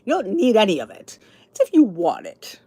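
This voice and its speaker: Her mid-range voice swings hugely in pitch, moves fairly quickly, and has a dark, slightly rough tone on a dry recording. She's a middle-aged Philadelphia-area podcast host with a Philly accent, rambling casually to viewers with frequent restarts and side comments.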